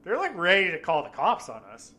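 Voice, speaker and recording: A man with a bright, slightly raised voice tells a story in casual chat. He swears constantly and acts out what people said. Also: sits high, brisk. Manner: swears constantly, animated retelling with acted quotes.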